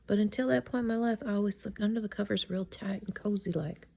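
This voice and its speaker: Gravelly woman telling a story in whispers. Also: medium pitch, fast. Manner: often drops into a hushed whisper; chatty and digressive. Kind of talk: casual spoken storytime.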